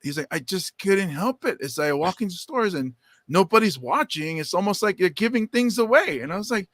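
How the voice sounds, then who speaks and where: A man co-hosting a podcast, telling stories in casual chat and jumping into high quoted voices. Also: expressive, fairly quick, fairly bright tone, no room sound. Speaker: podcast co-host.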